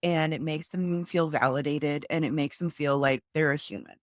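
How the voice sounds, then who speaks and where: A young woman with a low voice talks over a video call as an interview guest. She explains things earnestly and acts out how she talks with her children. The sound is dry and close. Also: moderate pace, no echo. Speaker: guest, mother of two. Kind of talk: casual interview.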